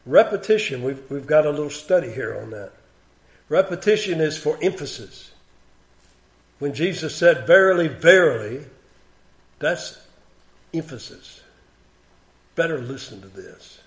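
A man's voice: on the high side, sing-song, measured pace, long pauses. A man preaching a sermon in a plain conversational way, repeating key words for emphasis.

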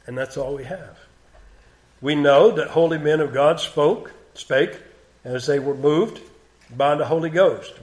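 A man's voice: mid-range voice, a little mellow. A man preaching a sermon in a plain conversational way, repeating key words for emphasis.

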